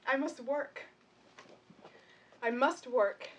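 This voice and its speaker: An actress playing an earnest, melancholy young woman of twenty, wistful but resolute. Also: high voice. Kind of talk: stage drama acting. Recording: distant mic with noise.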